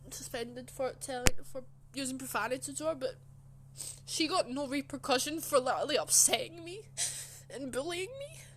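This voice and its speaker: A young woman telling a personal story in a casual, rambling way, soft and emotional, with lots of fillers. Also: high voice, slight background noise. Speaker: channel host.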